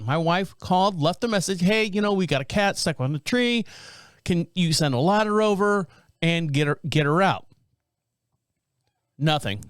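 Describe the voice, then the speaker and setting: Chatty storytelling man, slightly high voice. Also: smooth, dry recording. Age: 30s. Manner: rambling, conversational, with animated quoted voices. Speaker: podcast host. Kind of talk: casual storytelling monologue. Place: home studio near Charlotte.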